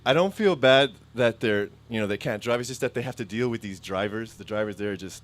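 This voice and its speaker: A man doing a stand-up comedy set, telling rambling stories with self-mocking asides and quick jumps into voiced impressions. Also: on the low side, a little hiss or hum. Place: stage before a live audience.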